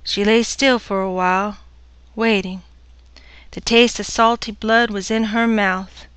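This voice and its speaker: A woman narrating a dark story in a measured, even delivery. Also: mid-range voice, clean tone, no room sound.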